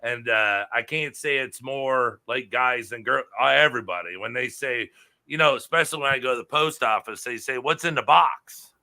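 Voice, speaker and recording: A man co-hosting a casual livestream, his voice gravelly with a bright edge. He rambles through stories with plenty of fillers and restarts. The talk is relaxed and unscripted. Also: medium pitch, normal speed. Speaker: shrimp breeder and livestream co-host.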